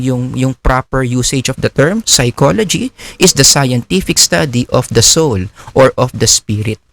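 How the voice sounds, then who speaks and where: A man's voice: mid-range voice, a bit bright. A man with a Filipino accent giving a psychology lecture, explaining step by step and asking his class rhetorical questions. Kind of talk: recorded lecture.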